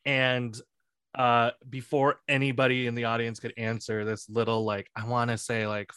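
Bright-voiced man telling animated stories. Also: mid-range voice, normal speed, clear, resonant tone, dry recording. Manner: animated storyteller, laughs often. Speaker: podcast co-host. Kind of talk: casual chat.

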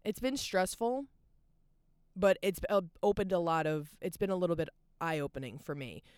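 A young adult woman hosts a candid solo podcast, her lowish, darkish voice clean and at a moderate pace in a dry studio recording with no room sound. She rambles openly and confessionally, saying "like" in almost every phrase.

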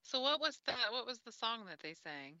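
Sharp, high-voiced woman host, very expressive. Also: brisk, no echo, highs cut off. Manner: expressive, laughs and gasps often. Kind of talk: casual interview chat.

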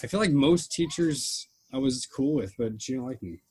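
A man's voice: mid-range voice, lively intonation, normal speed, background noise. A young man hosting a casual podcast chat, telling rambling jokey stories. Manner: rambling, joking storyteller. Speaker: podcast host.

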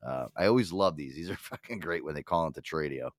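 Deep voiced guy rambling on his podcast, cussing and laughing, dead dry mic. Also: lively intonation, fast, no echo. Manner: rambling, profane, laughs easily. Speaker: podcast host. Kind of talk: casual chat.

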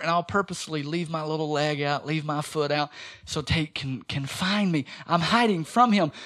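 Male pastor, 30s, emphatic sermon delivery with folksy asides, a high voice. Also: fairly bright tone. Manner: emphatic, repeats key phrases, folksy asides. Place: church sanctuary.

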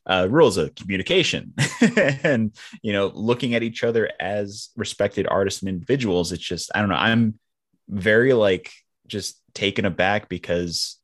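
A man hosting a casual podcast interview, enthusiastic, with halting restarts. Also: low voice, a bit bright. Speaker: podcast host.

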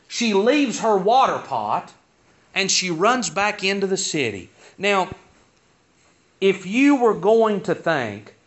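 A man's voice: high voice, fairly bright tone, dull audio. A man preaching a sermon in a folksy style, asking the congregation pointed rhetorical questions. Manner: folksy, rhetorical questions, rising to emphatic peaks.

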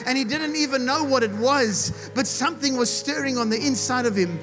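A man from South Africa preaching a sermon with passion, building to shouts and repeating himself as he retells a story. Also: very high voice, brisk. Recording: music playing behind the voice.

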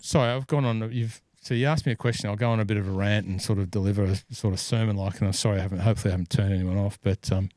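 A man's voice: on the low side, fairly even intonation, racing, few pauses, a little mellow, dry recording. A man hosting a podcast, telling long rambling stories with many fillers. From Scotland. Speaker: podcast host and golf club fitter. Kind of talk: casual podcast chat.

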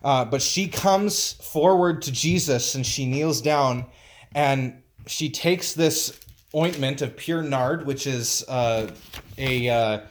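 Halting, emphatic male pastor preaching. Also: mid-range voice. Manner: informal and emphatic, halting to search for words. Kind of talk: conversational sermon.

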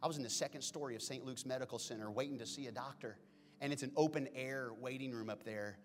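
A pastor delivering a sermon, swinging from hushed whispers to loud exclamations. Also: male voice, medium pitch, quick pace. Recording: long hall reverb with faint music.

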